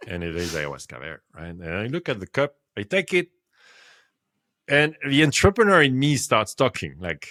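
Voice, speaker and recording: French guy in his 50s telling a story, lively, laughs a lot, dry close sound. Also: sits low, moderate pace, no room sound. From France. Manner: animated, laughs often, swings between loud and quiet. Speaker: guest. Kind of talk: casual storytelling.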